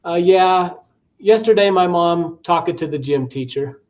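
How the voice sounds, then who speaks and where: A man's voice: high-pitched, unhurried, a little mellow, far from the mic, voice pushed up. A man voicing a young language student who makes small grammar slips, in an eager, slightly raised voice.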